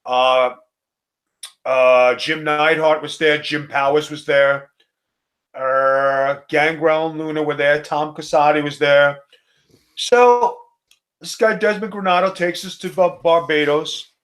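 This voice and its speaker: New guy, middle-aged, rough swearing storyteller, higher voice, animated. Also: takes it slowly. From Staten Island, New York. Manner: animated, profane storyteller acting out quotes. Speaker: co-host, former wrestler. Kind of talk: casual storytelling chat.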